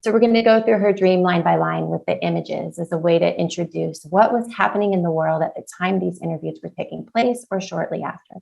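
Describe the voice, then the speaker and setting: An American woman giving a research talk, her voice sitting low with a gravelly fry. She walks the group through a quoted dream and brings some lively emphasis to the quoted lines. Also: brisk, few pauses, poor audio. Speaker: researcher presenting award talk. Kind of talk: lecture presentation with quoted dream.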